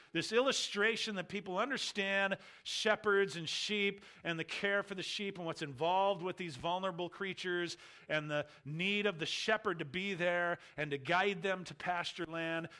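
A man preaching a Bible sermon, teaching verse by verse in an emphatic, teacherly way. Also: bright, forceful tone. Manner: emphatic, teacherly, rises to stress points then drops low. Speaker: pastor. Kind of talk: expository sermon.

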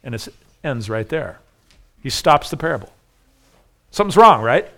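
A man's voice: medium pitch, sing-song, normal speed, pushed and bright. A man preaching a sermon, emphatic and full of rhetorical questions, often repeating his phrases. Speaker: pastor.

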